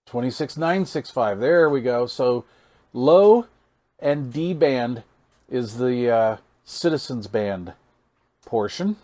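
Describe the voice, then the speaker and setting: A man's voice: medium pitch, expressive, takes it slowly, dark tone. A man hosting a casual hands-on radio gear demo, folksy and amazed, thinking aloud while he reads meters and counts into the mic. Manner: counts into the mic during test calls. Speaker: radio hobbyist channel host.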